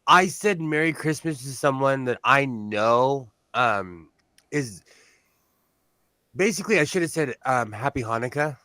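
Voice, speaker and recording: A man's voice: mid-range voice, lively intonation, measured pace, sharp tone, no echo. A man hosting a casual chat, rambling and self-deprecating. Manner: rambling, self-deprecating, many fillers and restarts. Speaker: host. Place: home sewing room. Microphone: on-camera shotgun mic.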